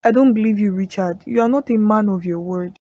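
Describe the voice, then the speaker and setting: A woman's voice: mid-range voice, fairly quick, warm tone, no echo, close to an everyday voice. A woman with a Nigerian accent voicing a frightened pregnant young woman in a cartoon drama. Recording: dull lo-fi sound.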